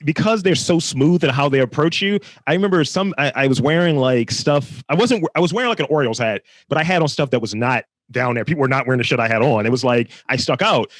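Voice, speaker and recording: A man from Baltimore with a Baltimore accent, a podcast guest telling animated, profane stories in casual chat and acting out what people said. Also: medium pitch, fast, hardly any pauses, dry recording. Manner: animated storyteller, swears freely, acts out quotes.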